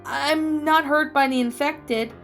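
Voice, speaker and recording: A woman voicing a grieving young woman who survived a zombie outbreak, speaking softly and tearfully in a read-aloud story. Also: sits high, fairly even intonation, takes it slowly, faint music behind, heavily acted. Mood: sad. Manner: tearful, soft-spoken.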